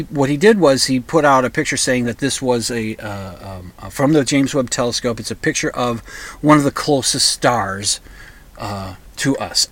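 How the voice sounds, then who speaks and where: A man's voice: medium pitch, a bit bright. A middle-aged man hosting a rambling comedic monologue, digressing often and restarting his sentences with repeated words. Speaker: monologue host.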